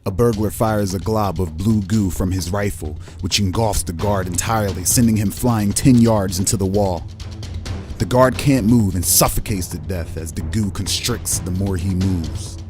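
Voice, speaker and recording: A low-voiced man runs a tabletop game as game master, calling out shots and scenes like a film director. He narrates in a steady, descriptive manner. Faint music plays under his voice. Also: moderate pace. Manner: cinematic, descriptive scene-setting.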